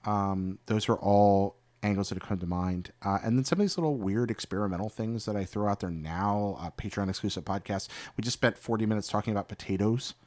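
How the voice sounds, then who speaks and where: A male podcast host with a lowish voice who asks quick, curious questions and reacts with lively surprise. He rambles a bit when he answers. The sound is dry and close, with no room echo. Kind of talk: casual interview chat.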